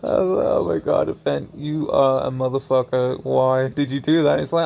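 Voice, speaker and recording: A man's voice: mid-range voice, steady tone, normal speed, gravelly, a little mellow. A young man casually telling a strange story as a vlogger, laughing often and swearing freely.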